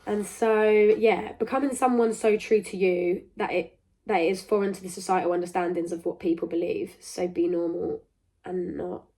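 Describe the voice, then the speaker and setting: A woman's voice: on the low side, steady tone, normal speed, dark tone. A young woman hosting a podcast, talking in a rambling, emphatic, self-interrupting way. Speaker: podcast host. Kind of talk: casual monologue to camera.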